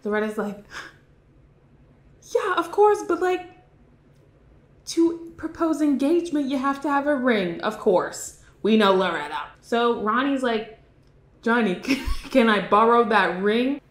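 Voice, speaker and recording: A young woman casually recapping a movie in a chatty, giggly way, slipping into quick impressions of the characters. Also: on the high side. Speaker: film vlogger. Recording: echoey room.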